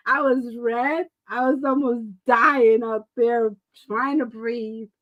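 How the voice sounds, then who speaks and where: On a muffled recording, a middle-aged woman speaks slowly in a voice on the high side. Co-hosting a relaxed talk stream, she spins a story full of laughter and acted-out quotes, and she has asthma and COPD.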